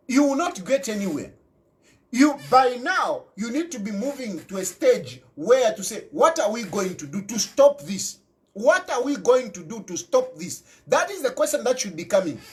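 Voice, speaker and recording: Emphatic Zambian man, high lively voice. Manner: repetitive, emphatic, mixes English with local phrases. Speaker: political commentator. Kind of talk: impassioned political monologue.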